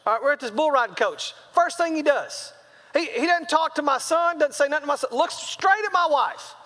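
A man preaching a sermon, telling a comic story and acting out the quotes with animated delivery. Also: very high voice, brisk. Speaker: traveling preacher. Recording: long reverb of a large hall.

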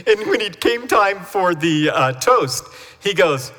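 A pastor preaching in a church sanctuary, his fairly high voice bright and forward. He tells stories in a chatty way and acts out the people he quotes. The sound carries a long hall reverb. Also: slow. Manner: chatty storytelling with lively acted-out quotes. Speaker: family pastor. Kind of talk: sermon.

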